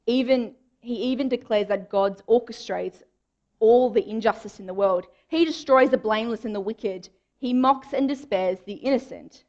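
A woman's voice: on the high side, moderate pace, darkish tone, muffled recording. A young woman giving a chatty, informal sermon in a church. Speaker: preacher.

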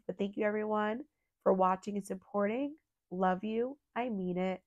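The recording here is dry but muffled: a young woman, sick with a cold and audibly nasal, talks at a moderate pace in a medium-pitched voice. She hosts a true crime channel and delivers a casual, emotional, filler-heavy ramble that feels heartfelt.

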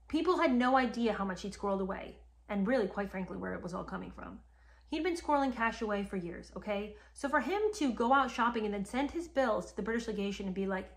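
A woman with a slightly high voice tells a story from history in a casual, conversational way. She sounds openly indignant and emphatic, and she addresses her viewers directly. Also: a bit bright. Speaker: history commentator.

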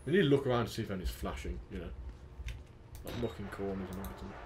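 A young man hosting a gaming channel, talking through a horror game in a low, muttered running commentary with the odd loud yelp. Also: very fast. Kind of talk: casual horror gameplay commentary. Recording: noisy home recording.

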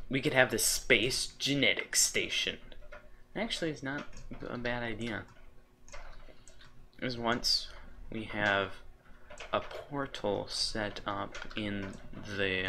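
Slow, rambling gameplay commentator man. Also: lowish voice, sharp tone, a little hiss or hum. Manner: rambling, trails off and restarts mid-thought; easily delighted, chuckles at himself. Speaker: let's play host.

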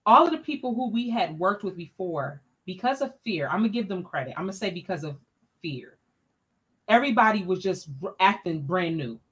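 A woman, an education scholar, telling a personal story as a podcast guest in an animated, expressive, colloquial way. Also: mid-range voice.

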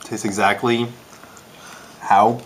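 A man's voice: lowish voice, little pitch movement, slow pace, a bit bright, a little hiss or hum. A young man co-hosting a comedy show, bantering goofily and reading fan questions aloud. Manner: jokey, sings silly jingles, reads fan questions. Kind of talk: goofy casual banter.

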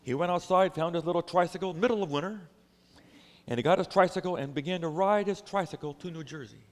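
A man's voice: high voice, quick pace, long reverb tail. A male pastor preaching a sermon, telling a story animatedly and acting out the characters.

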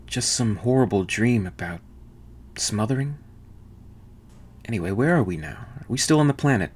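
A man with a low voice voicing a dazed, starving male spaceship crewman in an audiobook-style reading. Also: lively intonation, moderate pace, darkish tone, slightly rough. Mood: puzzled hungry.

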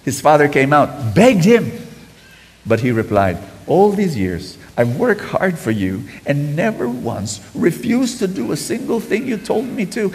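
Animated man preaching in an echoey hall. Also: fairly high pitch, measured pace. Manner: animated, calls for audience responses, acts out quotes loudly. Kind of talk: sermon.

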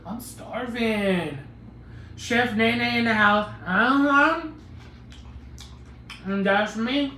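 A man's voice: sits high, very slow, pauses often, sharp tone, a little hiss or hum. Man hosting a live cooking stream, playful banter with the chat, phone audio in an echoey kitchen. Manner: playful, joking, chats with viewers. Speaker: cooking livestream host.

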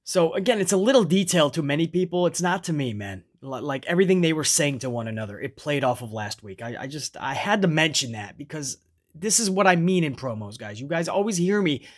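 A man with a slightly higher-pitched voice gives a loose, casual recap as a show reviewer. He swears freely, ends phrases with "man" and talks about himself in the third person. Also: animated, brisk.

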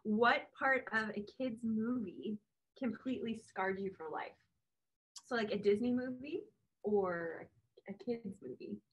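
A woman's voice: fairly high pitch, unhurried, rough recording. A woman co-hosting a podcast, asking questions and chatting easily. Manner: easygoing, reads out questions. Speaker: podcast co-host. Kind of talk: casual chat.

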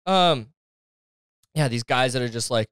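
A man's voice: medium pitch, lively intonation, unhurried, fairly bright tone, smooth, dry recording, studio quality. A young adult man hosting a podcast, delivering a sarcastic, exasperated and profane comedic rant. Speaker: podcast host.

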